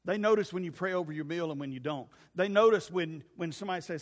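A male pastor preaching an animated sermon, swinging from shouts to hushed asides. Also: a little high, fast talker. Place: church sanctuary. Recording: long church reverb.

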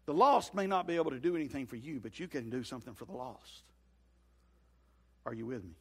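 A man preaching a sermon as a pastor, folksy and animated. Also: medium pitch, brisk, slightly rough. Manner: folksy, animated, acts out scenes in comic voices. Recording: hall reverb.

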